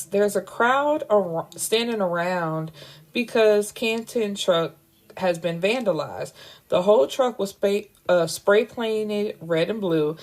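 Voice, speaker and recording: Chatty woman recapping a book, fairly low. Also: a little mellow. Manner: candid, chatty, swears freely and adds wry asides. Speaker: book reviewer recapping a novel. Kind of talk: casual spoken book recap.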